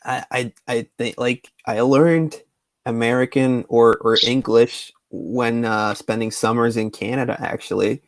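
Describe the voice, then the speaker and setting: A man hosting a livestream in easygoing chat, halting and repeating himself as he talks. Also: mid-range voice, no echo. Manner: relaxed, halting with fillers and repeats. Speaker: livestream host. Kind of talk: casual chat.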